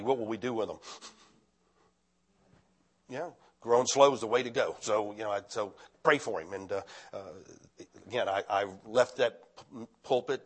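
An older man, a retired pastor, preaching a conversational sermon that climbs into loud, fervent appeals. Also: fairly low pitch, slightly rough.

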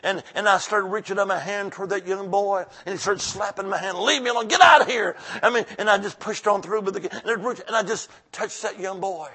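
High, bright-voiced exuberant revival preacher man. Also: steady tone, a little fast, few pauses. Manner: exuberant, call-and-response, drops to soft storytelling. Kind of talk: revival sermon with storytelling.

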